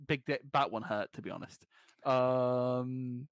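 A man's voice: medium pitch, slow, no room sound. Man, english accent, casual podcast co-host, swears a lot, dry close sound. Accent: English, hard to place. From Scotland. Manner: swears freely, laughs through his stories. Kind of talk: casual chat.

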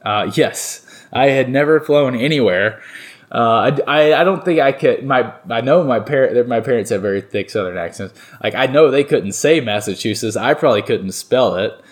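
A man's voice: mid-range voice, normal speed. Young guy from north carolina, rambly, lots of likes and uhs, chatting in an interview. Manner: rambling, many fillers and restarts. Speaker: baseball player guest. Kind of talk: casual interview storytelling.

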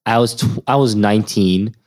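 A man's voice: fairly low pitch, fairly even intonation, moderate pace, darkish tone. A man in his twenties, a guest on the show, telling a story in casual chat and acting out the voices of the people in it.

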